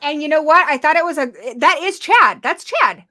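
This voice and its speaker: A woman with a General American accent hosting a live reaction chat, excitable, playful and teasing. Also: high-pitched, normal speed. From United States. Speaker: host.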